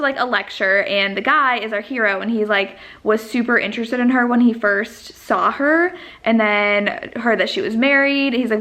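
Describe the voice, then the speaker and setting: A young woman with a bright, ringing voice chats through a casual vlog, rambling with lots of fillers and little gushes of enthusiasm. Her voice sits a touch high and carries a lively, forward tone. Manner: chatty, filler-heavy, gushing. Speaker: book vlogger.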